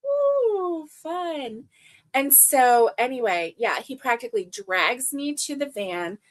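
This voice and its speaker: Chatty woman with a slightly high voice. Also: expressive, measured pace. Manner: rambling storyteller, chats with viewers. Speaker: crochet livestream host. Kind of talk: casual chat.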